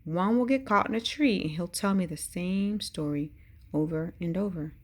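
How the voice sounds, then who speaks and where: A woman hosting a bedtime read-aloud, narrating expressively and talking gently to the children listening. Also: on the low side, moderate pace. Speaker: host reading a bedtime story.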